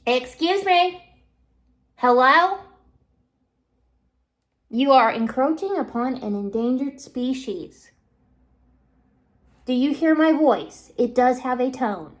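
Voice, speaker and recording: A woman putting on a booming tough-gal warning voice. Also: animated, unhurried, darkish tone. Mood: stern warning. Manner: booming, threatening, stern. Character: tough loud woman scolding trespassers. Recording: echoey recording.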